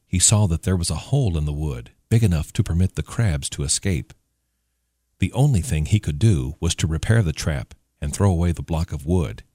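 A man reading a folk tale aloud as narrator, in measured, even storytelling. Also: low-pitched, breathy edge, dry recording, studio quality.

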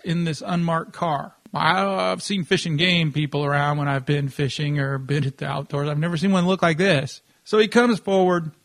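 Man, slightly high voice, casual storyteller, animated retelling. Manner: casual, conversational, animated retelling with quoted dialogue. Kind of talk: first-person storytelling.

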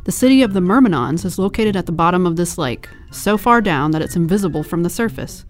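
Lady reading impatient prince guy from a storybook, curt, soft music behind. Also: fairly low pitch, animated, fast talker, natural voice. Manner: curt, matter-of-fact. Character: impatient young prince, brusque.

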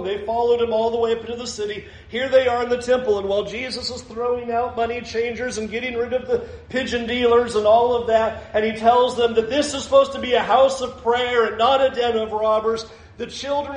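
A male pastor preaching a sermon, animated, acting out the quotes he reads with shifting voices. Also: extremely high pitch, reverberant.

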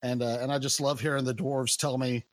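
A man chatting casually about games in a relaxed, rambling way that trails off. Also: mid-range voice, a little fast, no echo. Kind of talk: casual chat.

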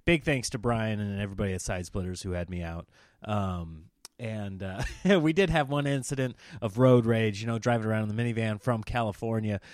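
Man, from Nebraska, comedy podcast host, casual rambling monologue, animated storytelling, dry close sound. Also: on the low side, a little fast, no room sound.

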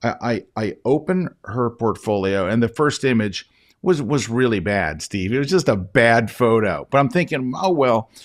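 A man's voice: medium pitch, animated, moderate pace. A man who is a guest photography educator, telling an anecdote in a casual interview and often addressing the host by name.

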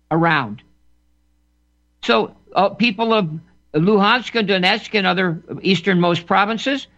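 High, sharp-voiced man in a political monologue. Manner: emphatic, repeats words and restarts phrases. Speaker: political commentator. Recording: dull lo-fi recording.

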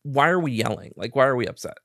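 A man's voice: mid-range voice, lively intonation, fast, fairly bright tone, no echo, studio quality. A man telling a long story in casual, profane chat, laughing as he goes.

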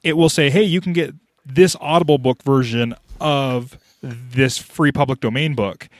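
A man's voice: mid-range voice, measured pace, no room sound. A man hosting a podcast, chatting casually and often restarting his sentences. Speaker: podcast host. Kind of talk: casual chat.

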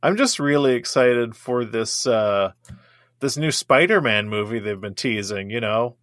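A male podcast co-host talking casually about movies in a joking, rambling way. His voice sits at an ordinary middle pitch. The recording is dry and close. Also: measured pace, fairly bright tone, dry recording.

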